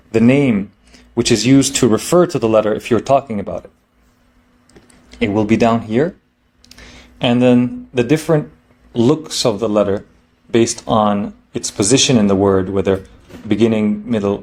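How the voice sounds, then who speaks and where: A man explains letters in a language lesson, patient and methodical. He checks in with the listener often and slows right down when he models each sound. His voice sits at a middle pitch. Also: a little mellow. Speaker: Arabic teacher.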